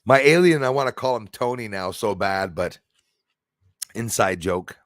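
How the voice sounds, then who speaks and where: A man hosting a casual livestream, rambling excitably and answering viewers' comments aloud. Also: on the low side, a little slow, no echo, studio quality. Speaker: livestream host.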